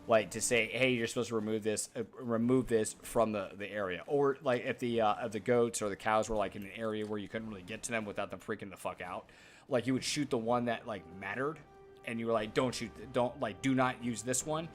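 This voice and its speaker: A man's voice: on the low side, brisk, soft background music. Rambling, swearing male game streamer. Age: 30s. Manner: rambling, swears a lot, talks to chat. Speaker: gaming streamer. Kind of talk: casual live-stream chat while playing.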